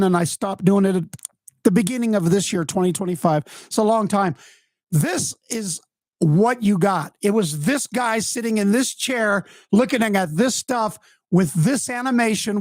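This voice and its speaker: Speaking into a desk mic with headphones on, the host of a music podcast and live stream rambles through an unscripted session from his home studio. His voice is high, his manner chatty and self-deprecating, and the recording is dry.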